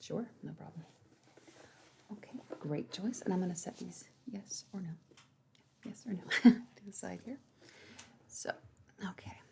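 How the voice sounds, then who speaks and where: A woman's voice: fairly low pitch, measured pace, vocal fry, pauses often. Woman doing a whispering party planner. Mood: gentle. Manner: soft, reassuring sales talk. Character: attentive female event planner showing decorations. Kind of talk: whispered role-play.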